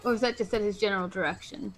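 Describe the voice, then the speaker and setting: A woman playing a tabletop game, calmly explaining what her character does. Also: mid-range voice, racing, soft background music. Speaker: player.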